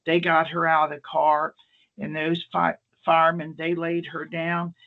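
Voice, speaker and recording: Male ER nurse, casual storyteller, gravelly voice, dull lo-fi meeting audio. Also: a little high, measured pace. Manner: animated anecdotal delivery, acts out quoted people. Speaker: emergency nurse presenter.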